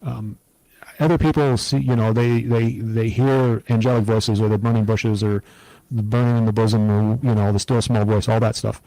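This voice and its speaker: A middle-aged man speaks in an earnest, reflective way, recounting hard times as an interview guest. His voice is dark and mellow, recorded close and dry with no room sound. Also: fairly low pitch, moderate pace, dry recording, poor audio. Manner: earnest, reflective, steady storytelling. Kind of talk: personal testimony in an interview.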